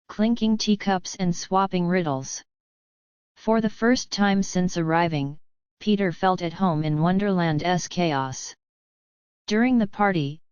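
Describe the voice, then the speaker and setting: A woman narrates a bedtime story in a calm, even manner. Her voice is low and smooth. The recording is dry and dull. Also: dry recording.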